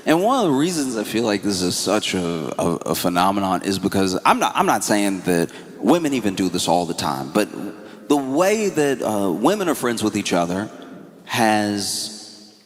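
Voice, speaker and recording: Here the stand-up comic speaks in a fairly low voice at a moderate pace, animatedly telling stories and playing out phone calls. It was recorded on stage before a live audience in an echoey hall full of crowd noise.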